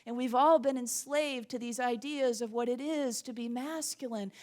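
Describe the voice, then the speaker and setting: Lady minister preaching hard, rhythmic and fired up, voice a bit high. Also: normal speed, darkish tone. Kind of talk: sermon.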